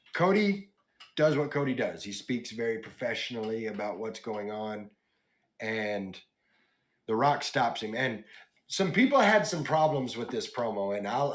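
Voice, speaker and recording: A man's voice: medium pitch, unhurried. Casual male wrestling podcast host. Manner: relaxed, recaps with quoted lines and asides.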